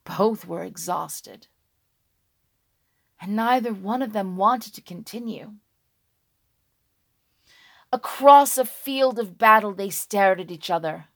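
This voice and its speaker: Woman telling an old dragon legend real slow, hushed then loud, bit of fry. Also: medium pitch. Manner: slow, hushed and dramatic, with sudden loud words. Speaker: storyteller. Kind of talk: dramatic folk-tale narration.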